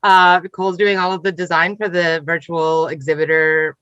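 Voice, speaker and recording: A woman's voice: fairly low pitch, flat delivery, normal speed, fairly bright tone, clear, resonant tone, no echo, lo-fi sound. A woman hosting a comics festival panel online, upbeat and chatty with frequent ums. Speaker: festival event host.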